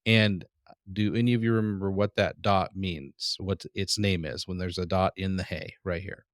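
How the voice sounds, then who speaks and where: A man teaching a language lesson, patiently pronouncing vocabulary words and repeating each one slowly. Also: deep voice, fairly even intonation, no room sound, clean studio sound. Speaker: Hebrew teacher. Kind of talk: classroom lesson.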